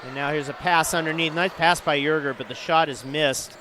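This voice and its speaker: Man, basketball play-by-play announcer, somewhat high voice, noisy broadcast. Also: brisk. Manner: rising excitement on big plays.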